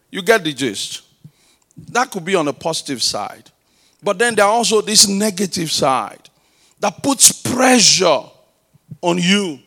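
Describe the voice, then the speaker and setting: A middle-aged man preaching in a slow, deliberate rhythm, his voice sitting fairly high for a man. He prays aloud, calls for answers from the congregation and builds his stories into loud, emphatic peaks. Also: sing-song. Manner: prays aloud and uses call-and-response with the congregation. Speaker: pastor. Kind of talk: sermon.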